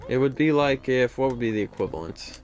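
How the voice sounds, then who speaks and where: Young man, let's-play co-host; dry teasing banter, mid-pitched voice. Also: brisk, a little hiss or hum. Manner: dry, teasing, matter-of-fact. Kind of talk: casual gaming commentary.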